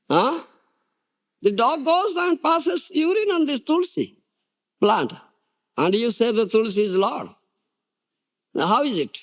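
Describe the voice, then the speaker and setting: Animated older man lecturing. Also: sits high. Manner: animated, rhetorical questions and frequent laughter. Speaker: spiritual teacher. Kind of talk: devotional lecture.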